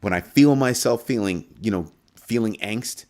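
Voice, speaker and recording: A man hosting a casual live-stream crypto show, talking through numbers with animated swings between calm and mock panic. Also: on the low side, normal speed.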